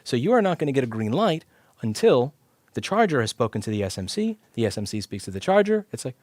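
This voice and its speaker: Speaking fast in a sing-song, mid-range voice with a darkish tone, a man teaches electronics repair live, bluntly and sarcastically explaining each step of the circuit and cursing as he goes. He's a repair instructor on a clip-on mic, and the sound is dry and studio quality.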